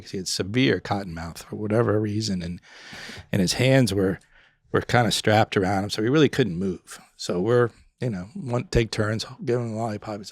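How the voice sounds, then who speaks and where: A middle-aged man from Florida spins an animated story, jumping into his friends' voices and breaking into laughs. His voice has a gravelly edge, and the recording sounds dry and close, with no room sound. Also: lowish voice, normal speed, no echo. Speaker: podcast guest, former pub owner. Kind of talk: casual storytelling.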